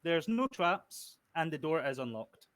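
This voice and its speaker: A man, narrating a tabletop game as game master in a relaxed, halting way. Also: a little high, no room sound.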